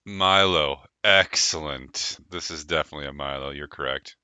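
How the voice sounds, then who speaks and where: A man hosting a live tabletop game stream as game master, talking casually with quick laughs and rambling restarts. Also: a bass voice, pushed and bright, clean tone, no room sound.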